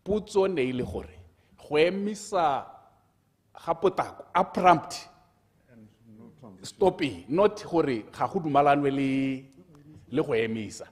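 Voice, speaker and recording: A man's voice: on the high side, animated, takes it slowly, pauses often, in a large hall. A man, a member of parliament, pressing questions in a debate and mixing in English terms. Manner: pressing, mixes local language with English terms. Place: parliament chamber.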